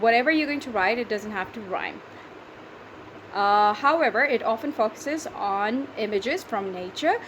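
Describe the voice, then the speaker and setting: Female teacher, Pakistani English accent, patient and methodical, somewhat high voice, light background noise. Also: rough recording. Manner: patient, explains step by step, counts syllables aloud slowly. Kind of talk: classroom lesson explaining poetry.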